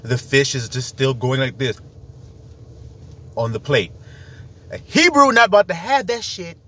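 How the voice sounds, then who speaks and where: A man's voice: mid-range voice, huge pitch swings, a little slow, fairly bright tone. A man preaching in an emphatic, rambling monologue, full of rhetorical questions.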